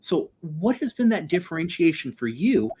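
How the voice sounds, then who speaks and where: A man hosting an interview, asking questions in an animated way and often adding "right?" as he goes. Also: fairly high pitch, normal speed, slight background noise. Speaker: podcast host. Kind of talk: conversational interview.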